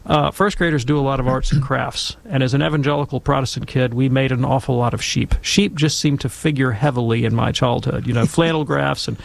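A man talking casually and emphatically, telling stories and giving commentary in an animated, conversational way. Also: medium pitch, a little fast, gravelly, few pauses.

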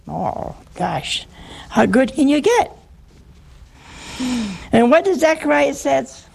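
A woman's voice: sits high, very animated, slow, vocal fry, a little mellow. A woman preaching a conversational sermon, teasing and humorous, often asking listeners questions.

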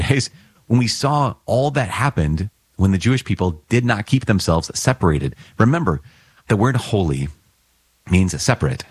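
A priest with a deep, slightly husky voice offers an earnest, relaxed Bible reflection, explaining the reading like a patient teacher and often checking that listeners follow. The recording is close and dry, with no room sound or echo.

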